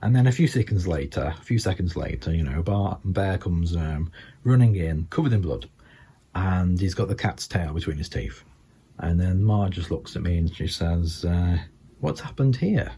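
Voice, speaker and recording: An older man with a Scouse accent doing deadpan stand-up storytelling, halting with many ums and you-knows. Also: low voice, husky. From England. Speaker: stand-up comedian.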